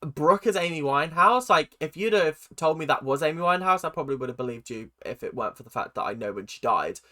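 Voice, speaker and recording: A man's voice: mid-range voice, pushed and bright. A man giving chatty, sarcastic reaction commentary as host of his channel.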